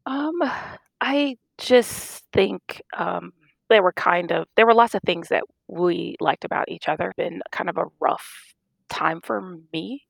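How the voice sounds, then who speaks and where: A middle-aged woman doctor casually recounting stories in an interview, animated and laughing as she acts out dialogue. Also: lowish voice, takes it slowly, creaky, no echo. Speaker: guest, physician.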